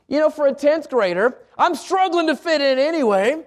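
A man's voice: very high voice, very animated, moderate pace. A middle-aged male pastor telling a personal story in a sermon, with frequent restarts and repeated words. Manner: storytelling with many restarts and stammers.

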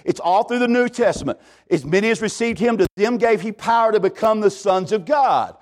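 A male pastor, preaching a sermon in a folksy, animated way and often calling out to the congregation. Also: high voice, fairly quick. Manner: folksy, animated preaching with repeated "hey, listen to me".

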